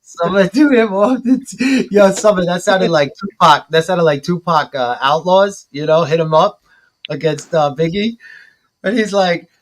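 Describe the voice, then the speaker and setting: A man hosting a live stream, chatting casually and excitedly, with swearing. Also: high voice, a little slow. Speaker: stream host.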